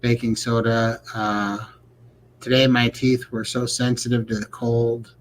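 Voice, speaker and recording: A man's voice: medium pitch, little pitch movement, unhurried, a little hiss or hum, low-quality recording. A man co-hosting a casual livestream chat, joking in a folksy way and reading viewer questions aloud. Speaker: podcast co-host.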